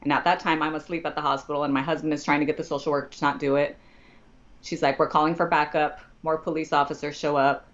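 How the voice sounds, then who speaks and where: Podcast guest, woman, low voice, dull lo-fi sound; acts out the dialogue with strong feeling. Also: level tone, fast. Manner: quotes others in dialogue, voice climbing when she speaks as herself in distress. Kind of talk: emotional personal storytelling.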